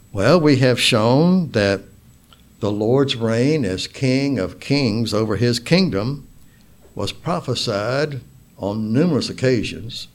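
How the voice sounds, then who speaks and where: Slow, deliberate preacher man. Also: medium pitch. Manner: slow, deliberate, stressing single words; reads scripture aloud in King James wording. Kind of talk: sermon.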